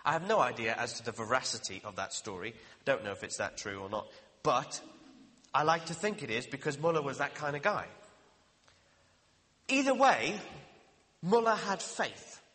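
Preacher, male, bright lively voice, earnest sermon, reverberant hall. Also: medium pitch. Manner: earnest, questioning, slows down for emphasis.

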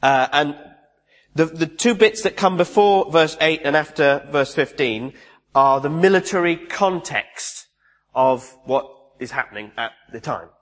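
Male preacher giving a chatty sermon in a reverberant church hall, voice on the higher side. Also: lively intonation, measured pace, a bit bright. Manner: conversational, with restarts and asides.

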